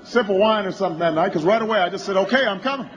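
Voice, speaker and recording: A man, a politician, giving a campaign rally speech as an anecdote that builds toward shouting. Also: sits high, racing, lo-fi sound.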